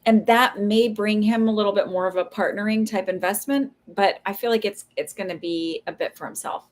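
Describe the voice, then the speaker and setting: A woman's voice: medium pitch, brisk. A woman in her thirties doing a live psychic reading, answering viewer questions in a casual, hesitant way with many fillers and friendly asides. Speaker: psychic reader on a livestream.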